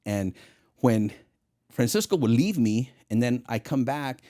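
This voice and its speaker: A middle-aged man spins stories as an interview guest, his pitch rising and falling widely as he acts out every line of dialogue. He speaks at an ordinary middle pitch, loose and casual. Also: measured pace. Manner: animated, acts out quoted dialogue. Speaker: guest, retired federal agent.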